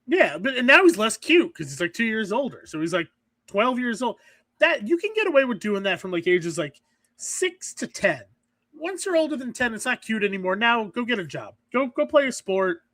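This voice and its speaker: High-voiced joking American man, dry sound. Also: very animated, bright, forceful tone, no room sound. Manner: joking, quick to laugh at his own jokes. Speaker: podcast co-host. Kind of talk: casual chat.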